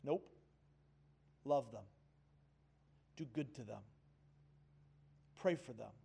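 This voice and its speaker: A man in a sermon voicing a calm, firm divine teacher who speaks low and unhurried.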